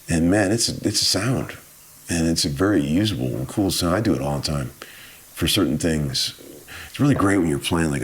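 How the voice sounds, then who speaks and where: Very deep husky man telling stories. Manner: laid-back, rambling, says "man" a lot. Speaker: guest musician telling stories. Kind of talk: casual storytelling.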